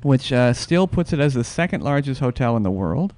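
A man hosting a casual podcast chat, talking haltingly with many restarts and fillers. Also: mid-range voice, very animated, a little mellow, no room sound. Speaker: podcast host.

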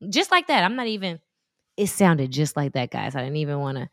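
Animated woman in her thirties. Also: low voice, fairly quick, no echo, clean studio sound. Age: 30s. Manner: animated storyteller. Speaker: guest. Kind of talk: casual chat.

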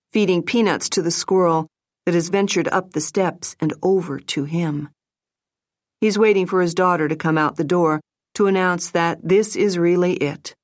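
Narrating an audiobook, a low-pitched woman keeps her storytelling measured and even. It's a dry recording with clean studio sound.

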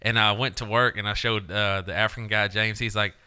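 A young man with a very bright, clear, smooth voice that sits a little low, swearing his way through crude podcast banter. He tells blunt stories and laughs at his own jokes. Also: fairly even intonation, a little fast. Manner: profane, blunt, laughing storyteller. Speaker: podcast co-host.

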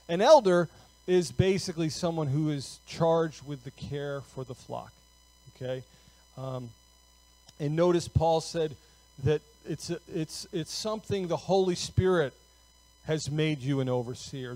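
A man's voice: on the high side, darkish tone, no room sound, rough recording. A male pastor giving a sermon in a conversational way, often checking in with "okay?" and filler words.

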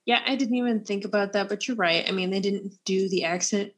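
A woman's voice: medium pitch, brisk. A woman co-hosting a casual book podcast, talking in a playful way and laughing often. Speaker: podcast co-host.

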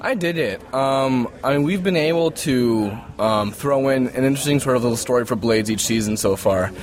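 A man's voice: medium pitch, moderate pace. Man, actor on set, casual chat, joking, self-mocking. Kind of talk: casual behind-the-scenes chat. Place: on a film set.

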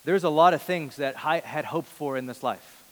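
Man in his thirties, preacher, slightly high voice, earnest, swings from loud to hushed, long echo of a big hall. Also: moderate pace. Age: 30s. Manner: earnest, swings between loud emphasis and soft hushed lines. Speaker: pastor. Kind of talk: sermon. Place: large church hall before a big congregation. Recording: long reverb of a large hall.

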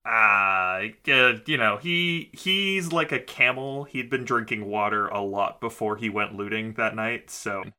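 A man's voice: lowish voice, measured pace, few pauses, bright, forceful tone, clean tone. A man co-hosting a podcast, recapping an episode casually with lots of hesitant ums. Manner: hesitant, many ums and restarts. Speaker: podcast co-host.

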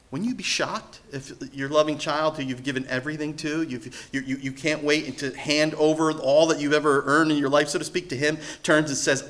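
A man preaching a sermon as pastor, telling a story in an animated way. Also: a little high, moderate pace, hardly any pauses. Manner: animated storytelling, acting out quoted voices.

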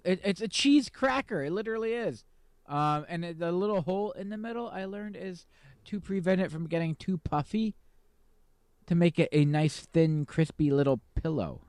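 A man's voice: on the high side, darkish tone, no echo. A man co-hosting a podcast in casual chat, rambling with lots of ums and playful sarcasm. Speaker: podcast co-host.

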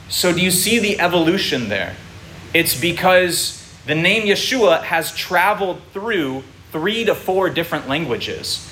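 Bright-voiced man teaching a congregation. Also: fairly high pitch, a little hiss or hum. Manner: explanatory, checks in with listeners. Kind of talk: sermon. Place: congregation room.

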